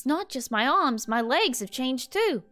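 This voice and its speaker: Brief: young woman streamer, high and bright, reads story text aloud in first person, playful, laughs at her own accent slips. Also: sing-song, moderate pace. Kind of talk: reading game text aloud.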